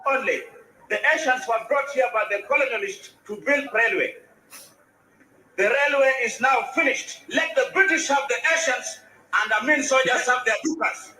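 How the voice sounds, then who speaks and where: A stern, threatening dictator hands down orders in a high, bright, forceful voice. The clip sounds roomy, with faint noise behind it. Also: male voice, moderate pace, full character voice. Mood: commanding. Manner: commanding, threatening. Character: stern male dictator issuing expulsion orders.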